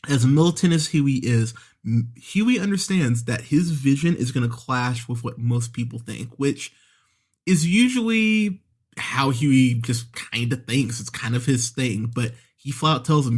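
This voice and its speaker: A man's voice: mid-range voice, animated, measured pace. A man hosting a movie podcast, reviewing an episode in a casual, chatty way with frequent laughs and fillers. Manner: chatty, laughs often, many fillers and restarts.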